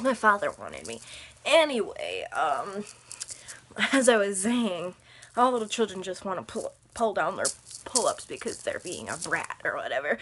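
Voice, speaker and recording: A young woman telling a rambling story on her vlog, laughing often as she talks, with a slightly husky voice. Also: mid-range voice, a bit bright. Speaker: vlogger.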